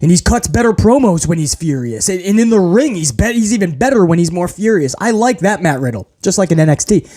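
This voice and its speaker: Profane, animated man ranting about wrestling. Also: sits high, a little fast, hardly any pauses. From grew up in housing projects. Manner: profane, animated, mocking impressions. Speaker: wrestling show reviewer. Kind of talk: casual rant review.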